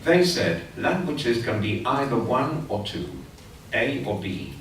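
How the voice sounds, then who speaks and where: A man's voice: medium pitch, big pitch swings, slow pace, a little hiss or hum. A middle-aged man with a Chilean Spanish accent giving an academic conference talk, explaining things in a chatty way with asides. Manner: explanatory, chatty with asides, taps out beats aloud. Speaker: lecturer. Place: lecture hall. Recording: echoey hall from far off.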